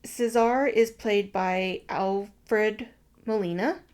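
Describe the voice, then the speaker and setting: A woman's voice: medium pitch, slow pace, darkish tone, clear, resonant tone. Podcast co-host, woman, casual recap, wry and crude. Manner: summarizes the plot with wry, crude asides. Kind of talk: casual movie recap chat.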